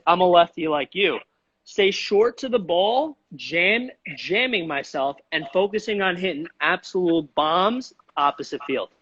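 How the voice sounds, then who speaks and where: A man's voice: high voice, fairly bright tone, breathy edge, muffled recording. A man with a New York accent, a guest baseball coach explaining hitting with emphatic enthusiasm. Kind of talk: casual coaching chat.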